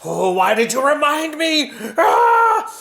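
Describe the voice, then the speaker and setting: A man voicing an angry puppet king who fumes and blusters in loud, huffing outbursts. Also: on the high side, fairly even intonation, slow pace, creaky, full character voice. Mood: furious. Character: angry puppet king, fuming at his dragon.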